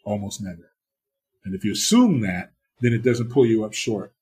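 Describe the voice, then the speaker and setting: A man's voice: on the low side, animated, normal speed, a little mellow. A middle-aged TV producer from the US East Coast, telling blunt, profane stories in a casual interview and acting out the exchanges he quotes.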